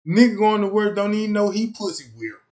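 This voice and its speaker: Male streamer, higher-pitched, loose comedic rambler; loud one moment, muttering the next. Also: a little fast. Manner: rambling, keeps asking "you know what I'm talking about"; swings between loud outbursts and low mutters. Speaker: live streamer. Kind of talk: casual comedic rant.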